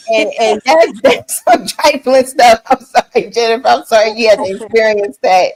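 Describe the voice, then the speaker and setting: Brief: woman host of a live panel chat, slightly high voice, frank and quick to laugh. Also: a little mellow. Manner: frank, laughs often while talking.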